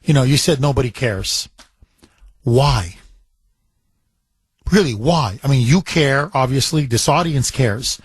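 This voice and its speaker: A man's voice: medium pitch, lively intonation, measured pace, pauses often, breathy edge, dry recording. A man hosting a talk radio call-in show, chatty and repeating phrases for emphasis.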